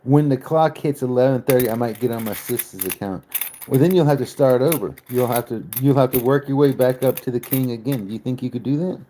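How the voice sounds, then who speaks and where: A man hosts a relaxed livestream, talking straight to his viewers in a loose, teasing way as he tries to guess their names. His voice sits at an ordinary middle pitch. A faint hum of noise runs underneath. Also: a little fast. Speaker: livestream host. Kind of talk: casual live-stream chat with viewers.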